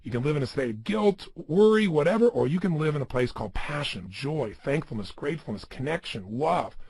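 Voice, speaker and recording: A man with a husky, fairly high voice delivers a motivational seminar talk. His pitch swings widely as he presses his points home with emphatic rhetorical questions. The sound is dry and close. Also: lively intonation, fairly quick, darkish tone, dry recording. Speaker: motivational speaker.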